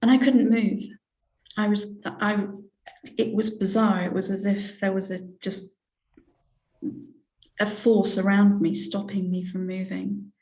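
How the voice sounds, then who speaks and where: Older English woman, sixties, reverend giving testimony; unhurried, halting, heartfelt; mid-pitched; reverberant room sound. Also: little pitch movement, a little mellow. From England. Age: 60s. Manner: slow, hesitant, heartfelt, with many fillers and restarts. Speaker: reverend, interview guest. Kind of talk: personal spiritual testimony in an interview. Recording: roomy echo.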